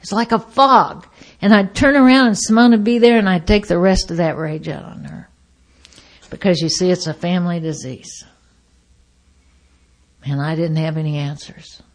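At a moderate pace and with frequent pauses, a woman with a lowish voice recounts her recovery at a meeting. She acts out others' voices and alternates between outbursts and hushed remarks.

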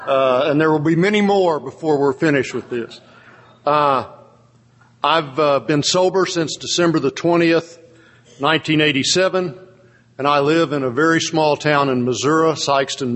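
A man's voice: fairly high pitch, fairly bright tone. A man, opening an AA talk in a folksy, self-deprecating way. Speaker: AA speaker. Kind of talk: recovery talk. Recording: long hall reverb, faint noise.

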